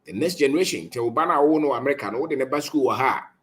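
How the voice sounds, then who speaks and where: A man with a Ghanaian accent gives an impassioned, preachy talk on colonisation, repeating phrases for emphasis and switching between English and Twi. His medium-pitched voice is expressive and breathy at the edges, and he speaks very fast.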